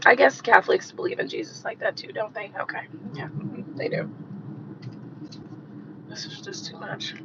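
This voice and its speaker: A woman hosting a live stream who rants bluntly and profanely and repeats herself for emphasis, her voice hoarse and coughing from a cold. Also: mid-range voice, moderate pace, long pauses, highs cut off, very noisy. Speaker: tarot reader hosting a livestream.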